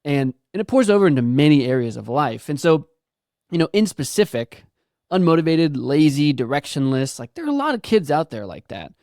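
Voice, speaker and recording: A man's voice: on the high side, big pitch swings, a little fast, darkish tone, no echo, clean studio sound. A man co-hosting a casual faith-based parenting chat, agreeing and reflecting thoughtfully. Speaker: podcast co-host.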